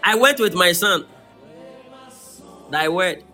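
A man preaching a sermon as pastor, breaking into shouts and sung phrases. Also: high voice, animated, slow pace, faint music behind.

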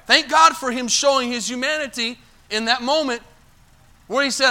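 A male pastor preaching a sermon, calling out asides to the congregation and swinging between loud emphatic bursts and low quiet lines. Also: steady tone, a little fast.

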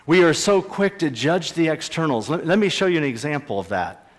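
A man's voice: a little high, animated, a little fast. Emphatic preacher man, reverberant hall. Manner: emphatic, repeats key phrases for stress. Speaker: pastor. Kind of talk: sermon. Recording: long reverb in a large hall.

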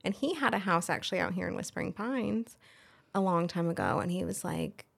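A woman's voice: lowish voice, brisk, creaky, fairly bright tone, husky. A woman in her thirties, a hairstylist and salon owner, telling her story frankly in a casual podcast interview and acting out remembered conversations, with a lot of "like" fillers. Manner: frank and chatty, acts out remembered dialogue, frequent "like" fillers.

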